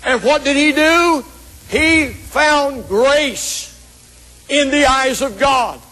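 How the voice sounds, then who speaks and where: A man's voice: very high voice, very slow, pushed and bright, rough recording. A man preaching a sermon, telling a story in a rhythmic preaching cadence.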